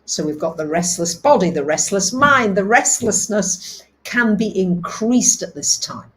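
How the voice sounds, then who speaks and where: A woman hosting a live astrology talk, speaking, reading out viewers' comments and dropping soft and low for calm affirmations. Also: a little slow, rough recording. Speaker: astrology host.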